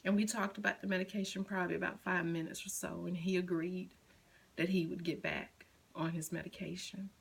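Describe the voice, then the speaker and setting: A middle-aged mother slowly recounting a painful personal story, at times softly quoting her son. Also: on the low side, level tone, gravelly, slightly rough, rough recording. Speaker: grieving mother. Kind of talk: personal testimony.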